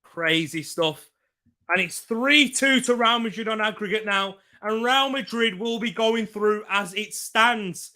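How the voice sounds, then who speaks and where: A man calling a football match live from home for his viewers, bursting with excitement and chatting back to them between the action. His voice sits high for a man and is piercingly bright. The delivery is energetic and reactive, with plenty of exclamations. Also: a little slow. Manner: excitable, reacts loudly and reads out viewer comments. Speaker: football watchalong host. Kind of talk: live football commentary and chat. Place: room at home.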